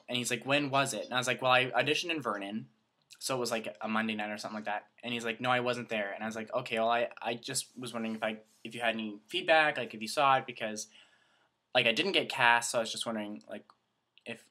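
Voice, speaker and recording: A man's voice: medium pitch, bright, forceful tone. A young man from Canada chatting to camera in a rambling, self-mocking vlog. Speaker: vlogger. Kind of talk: casual chat to camera.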